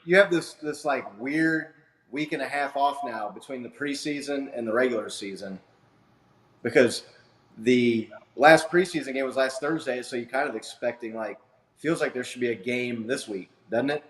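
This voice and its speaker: A man's voice: medium pitch, moderate pace. Rambling male podcast host, echoey. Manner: rambling, many fillers and restarts. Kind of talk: casual sports chat. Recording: echoey room sound.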